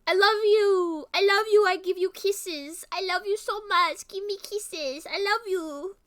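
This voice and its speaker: A woman's voice: extremely high pitch, a little slow, fairly bright tone, pitched above the performer's own voice. A woman voicing a tiny female puppy who talks in broken baby-talk. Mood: adoring. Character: tiny female puppy, cuddly but feisty.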